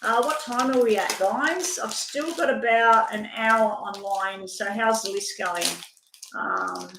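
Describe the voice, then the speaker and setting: A woman's voice: a little high, slow pace, roomy sound, noisy background. An older woman giving a chatty, rambling live-stream tarot reading, at times talking while she eats. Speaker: tarot reader.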